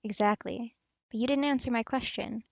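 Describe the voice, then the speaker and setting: A woman's voice: a little high, moderate pace, vocal fry, no room sound, muffled recording. A woman reading the lines of a stern, dismissive mother superior who runs a nursing home.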